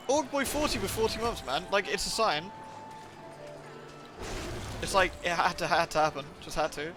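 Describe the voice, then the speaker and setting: A man's voice: high voice, lively intonation, normal speed, pauses often. A man chatting casually and playfully while live-streaming a game, reacting aloud and thanking viewers. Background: game music.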